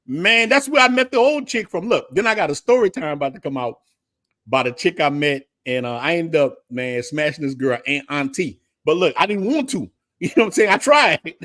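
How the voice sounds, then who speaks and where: A man's voice: on the high side, lively intonation, brisk. A man, telling slangy stories in a laughing, casual barbershop chat. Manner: loud laughing storyteller, slangy. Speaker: podcast host.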